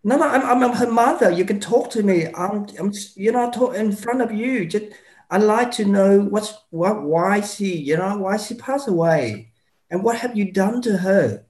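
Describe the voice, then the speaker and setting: A distraught mother fires demand after demand, as a man plays her in a medical role-play. The voice sits high and the room gives it a roomy echo. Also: animated, moderate pace. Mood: angry, distraught. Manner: loud, insistent, repeating demands.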